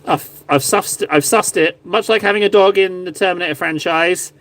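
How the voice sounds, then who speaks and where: A man's voice: fairly high pitch, steady tone, a little fast, hardly any pauses, a bit bright, dry recording. A man streaming live, chatting casually and joking with his viewers while painting miniatures. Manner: chatty, jokey, mock-grovelling. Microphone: phone camera.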